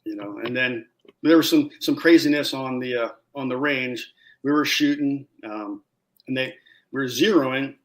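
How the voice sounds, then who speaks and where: A man telling war stories in a casual interview, animated, acting out what people said and swearing freely. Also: medium pitch, moderate pace. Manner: animated storyteller, acts out quotes loudly, swears. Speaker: guest, former Marine scout sniper.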